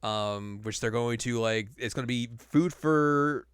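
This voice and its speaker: A man's voice: mid-range voice, measured pace, a bit bright, clean tone, no echo, studio quality. A man co-hosting a podcast, casually recapping an episode in a rambling way, with lots of "uh" and "like". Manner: rambling recap with many fillers. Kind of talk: casual chat.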